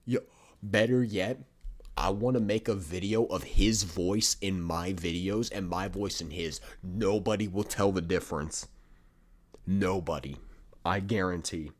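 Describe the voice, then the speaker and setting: Excitable low-voiced male streamer. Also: measured pace. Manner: excitable, swears, says "yo" often. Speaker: game developer streamer. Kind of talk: casual livestream reaction.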